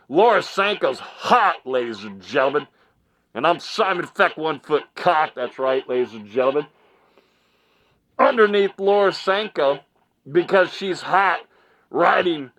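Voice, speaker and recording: A man's voice: a little high, fairly bright tone. A man giving mocking commentary in a vlog, laughing often and repeating phrases like a ring announcer. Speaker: online commentary vlogger.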